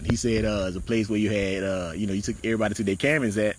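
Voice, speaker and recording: A man spinning a casual story from his service days, his voice swinging high and low as he acts out other people. He laughs all the way through and talks in loose slang. A faint hiss sits under the recording. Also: lively intonation, fast talker. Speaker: military veteran telling stories.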